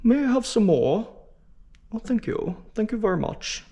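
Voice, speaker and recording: A man's voice: sits high, very animated, normal speed, mellow, slight background noise, voice pushed up. A man voicing a polite hungry orphan boy who begs for more, in a prim put-on accent. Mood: prim, begging.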